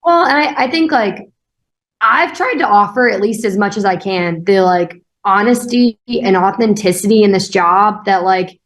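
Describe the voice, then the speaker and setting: A woman's voice: medium pitch, animated, moderate pace. A young woman being interviewed as a state party chair, speaking earnestly with frequent fillers and restarts. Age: young adult. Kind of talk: political interview.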